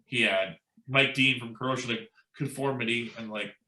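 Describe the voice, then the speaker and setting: A man tells a long story in a casual interview, acting out what others said and leaning on "like" and "you know". His voice is bright and forceful at a middle pitch. The sound is roomy, with an echo around him. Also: normal speed. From United States. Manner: animated anecdote-telling, quoting others, says "like" and "you know" a lot. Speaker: musician guest.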